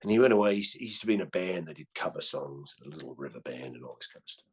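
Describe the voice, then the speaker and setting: A man in his fifties with an Australian accent, swearing freely and tagging his lines with "right?" as he tells animated stories in a casual chat. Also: rumbling low, quick pace, husky. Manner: animated storyteller. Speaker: guest comedian.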